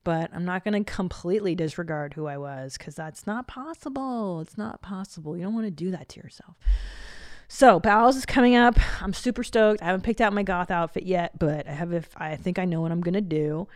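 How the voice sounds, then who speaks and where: A woman's voice: on the low side, a little fast, no room sound, clean studio sound. Profane, chatty woman in her forties. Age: 40s. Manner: profane, chatty, laughs often. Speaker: podcast host. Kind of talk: casual comedic monologue.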